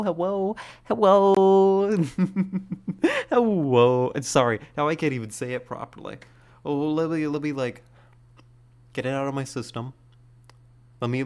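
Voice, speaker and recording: A livestream host chatting casually with viewers, rambling and playful, a little winded after exercise. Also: medium pitch. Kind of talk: casual chat with live viewers. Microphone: streaming setup.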